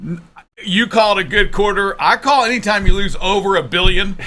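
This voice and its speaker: High, bright-voiced joking male co-host. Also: fairly quick. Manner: teasing, playful, animated. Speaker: radio show co-host and producer. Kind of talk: casual joking banter.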